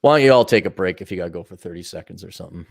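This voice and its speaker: A man's voice: low voice, lively intonation, rapid-fire, gravelly. A man co-hosting a podcast in casual banter, profane and mocking. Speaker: podcast co-host.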